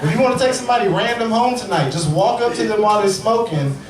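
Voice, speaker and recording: Brief: very high-pitched male comic, crude club set, distant mic in an echoey room. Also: animated, fast. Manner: crude, storytelling with acted quotes. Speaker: stand-up comedian. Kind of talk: stand-up set. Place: comedy club stage. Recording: echoey club, far mic, loud crowd. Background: audience laughter.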